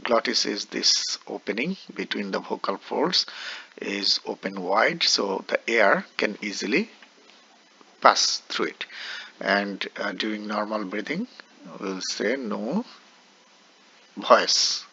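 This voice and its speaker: Slow, gravelly male lecturer, lo-fi. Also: on the low side, lively intonation, pushed and bright. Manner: explanatory, frequent "uh" and "right?" checks. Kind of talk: lecture on speech production.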